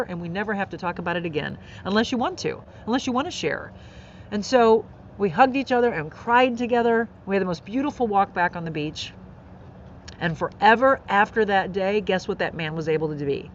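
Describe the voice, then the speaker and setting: A woman's voice: mid-range voice, a little fast, dull audio, slight background noise. A middle-aged woman hosting a podcast, telling a heartfelt personal story in an earnest, emotional way and laughing through tears. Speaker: podcast host.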